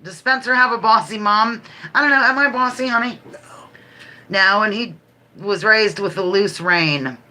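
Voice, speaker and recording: Woman, middle-aged, livestream host, bright voice, chatty, playful, rambling. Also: mid-range voice, normal speed. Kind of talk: casual live-stream chat.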